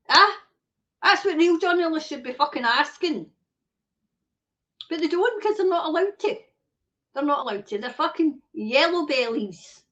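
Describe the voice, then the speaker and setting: Her voice sits high with a fairly bright tone as she hosts a live stream, ranting bluntly, swearing heavily, and reading out viewer comments in casual chat. The stream audio is dull and lo-fi.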